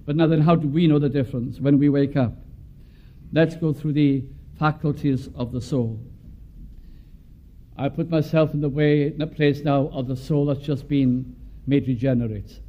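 A man from Wales preaching a sermon earnestly, swelling from quiet musings to fervent prayer. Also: a little high, fairly even intonation, moderate pace. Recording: dull lo-fi recording.

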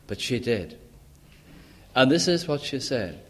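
A man preaching a sermon in a slow, deliberate and emphatic way, with dramatic pauses. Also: mid-range voice, sing-song.

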